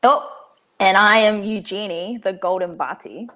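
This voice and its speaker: A woman's voice: medium pitch, unhurried, a bit bright. A woman from Australia, a wrestler guest on a podcast, answering hesitantly and laughing along. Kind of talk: casual interview chat.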